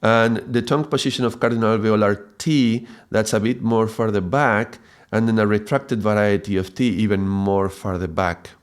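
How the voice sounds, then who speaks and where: A man explains a lesson in a somewhat low voice. He talks haltingly, repeating and restarting words and checking in with a quick "yeah?" as he goes. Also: steady tone, smooth. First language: Spanish. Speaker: mantra teacher.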